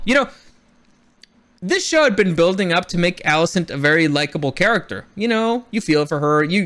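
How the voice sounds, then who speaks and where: A man giving his casual opinions on a TV episode, animated and swearing, often acting out the characters' lines. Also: sits high. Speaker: show reviewer.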